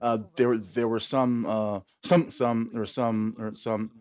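A man who produces and directs an audio drama, chatting casually in commentary, animated and laughing easily, often stumbling over and repeating his words. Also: mid-range voice, measured pace, smooth.

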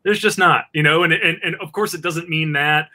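A man's voice: fairly high pitch, moderate pace, pushed and bright. A man talking earnestly on a podcast about a comic book he is making, emphatic and repeating words as he thinks. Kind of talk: casual podcast chat.

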